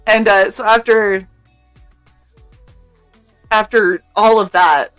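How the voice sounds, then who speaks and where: A young woman telling a story on a live stream, animated and loose, laughing between lines and swearing without a second thought. Her voice sits at an ordinary middle pitch for a woman, with faint music playing softly behind her. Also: very slow, pauses often, smooth. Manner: animated, laughing, swears freely, acts out quotes. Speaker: streamer co-host. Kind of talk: casual storytelling chat.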